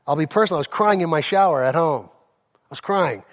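A man's voice: fairly high pitch, lively intonation, fairly quick. A man in his forties, a pastor preaching a sermon, telling personal stories and building to impassioned preaching.

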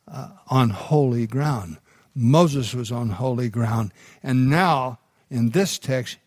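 Slow, unhurried pastor preaching a sermon. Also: male voice, mid-range voice, dry recording, studio quality. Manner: unhurried storytelling delivery with restarts.

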